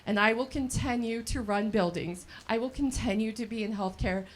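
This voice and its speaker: Here a slightly high-pitched woman talks at normal speed, recounting her own story with easy laughter. She's a scholarship recipient in her thirties from El Dorado County, California, giving a speech at a fundraiser event in a brewery.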